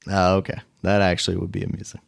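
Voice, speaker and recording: A man hosting a podcast in casual chat, relaxed and laughing often. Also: deep voice, quick pace, gravelly. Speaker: podcast host.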